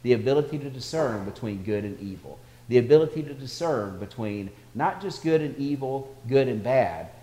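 A man's voice: fairly low pitch, mellow. Man preaching in an echoey hall. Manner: storytelling preacher, builds in volume for anecdotes. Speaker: pastor. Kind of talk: sermon.

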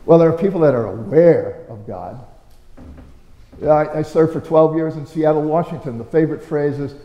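A male pastor preaches in a loose, storytelling way, pressing his point with rhetorical questions and bursts of emphasis. His voice sits a little high for a man but sounds mellow and warm. The sound rings in a roomy church with a long hall reverb. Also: moderate pace, lo-fi sound. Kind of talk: storytelling sermon.

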